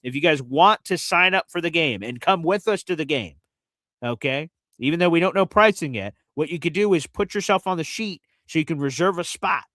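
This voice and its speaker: Upbeat talky guy running a live fan show, a bit high voiced, dry close sound. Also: fairly bright tone, no echo. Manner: chatty and enthusiastic, explains step by step. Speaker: host of a fan radio show. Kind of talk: casual live show talk.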